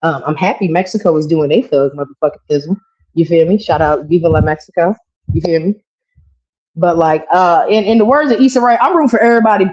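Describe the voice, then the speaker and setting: A woman's voice: low-pitched, brisk, darkish tone. A woman co-hosting a podcast, ranting in casual, profane slang. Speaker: podcast co-host. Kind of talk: casual political chat. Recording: dull lo-fi stream audio.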